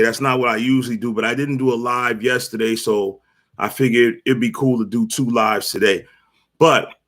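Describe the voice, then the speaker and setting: A man hosting a casual sports livestream, talking at a middle pitch in a loose, rambling way. He fills the gaps with ums and uhs and restarts his sentences, like someone chatting off the cuff to viewers. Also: fairly bright tone. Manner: loose and rambling, heavy fillers. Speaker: sports talk show host.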